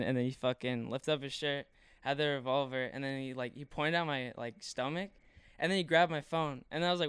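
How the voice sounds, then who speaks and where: Smooth-voiced young man telling a story. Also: mid-range voice, steady tone, a little fast, fairly bright tone, no room sound, clean studio sound. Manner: rambling, filler-heavy, swears a lot. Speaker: podcast guest. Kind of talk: casual storytelling.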